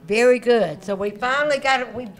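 A woman's voice: fairly high pitch, fairly quick. A woman hosting a birthday party, upbeat, chatty and joking with guests, on a handheld microphone. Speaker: event host.

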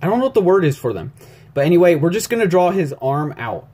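A man's voice: fairly high pitch, sing-song, fast, mellow, breathy edge. A young man talking through an animation tutorial as he draws, rambling and jittery, mumbling to himself and joking at his own expense. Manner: rambling, jittery, self-deprecating, talks to himself while drawing. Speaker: YouTube animation tutorial maker. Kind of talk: casual screen-recorded tutorial. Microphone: phone recording.

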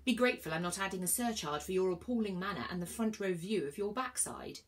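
A woman's voice: medium pitch, expressive, fast, lightly acted. A woman voicing a curious, literal-minded female star being from the sky, prim and indignant.

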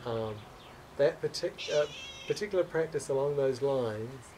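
A man's voice: medium pitch, unhurried, recorded from a distance, noisy background. A man telling a personal story as a guest in a conversation. He speaks earnestly and with open emotion, stumbling, restarting and repeating words as he goes.

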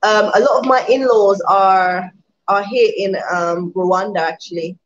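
A woman's voice: medium pitch, measured pace, slight background noise. A woman with a British accent chatting casually on a live stream, answering viewer comments, rambling with many restarts and sounding worn out. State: tired, worn out. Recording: dull lo-fi sound.

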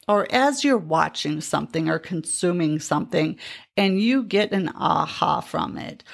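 A woman's voice: on the low side, gravelly, breathy edge. A middle-aged woman coach chatting casually on a podcast, retelling conversations with lots of fillers. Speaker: life coach.

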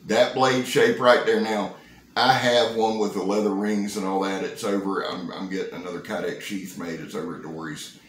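A man, talking through a casual knife-review vlog in an excitable, folksy, joking way. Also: lowish voice, normal speed, a little hiss or hum. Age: 50s. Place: indoor room. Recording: roomy, echoey sound.

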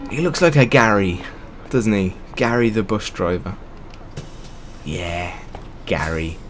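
A young gamer commentates on a game in a lowish voice, sarcastic and ranting in bursts, swearing a lot and laughing often. There's a little hiss or hum in the recording.

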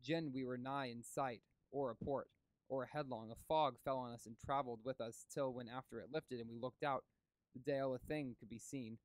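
A man voicing a gruff, superstitious sea captain in broad dialect. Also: medium pitch, fairly even intonation, fairly quick, dry recording, close to an everyday voice. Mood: uneasy. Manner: broad dialect speech, plain and blunt.

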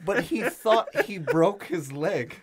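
An animated young podcast co-host tells stories in a casual chat, acting out quotes. His voice is high and slow, with a little hiss or hum in the recording.

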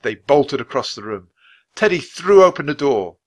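Lively man reading a storybook aloud. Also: mid-range voice, moderate pace. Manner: clear, expressive reading at natural speed. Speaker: storybook reader.

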